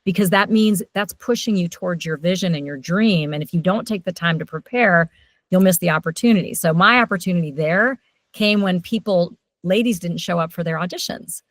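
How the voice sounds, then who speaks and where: Her voice is on the low side and free of echo: a middle-aged voiceover coach telling stories in a casual interview. She's animated, with rapid shifts in how loudly she speaks.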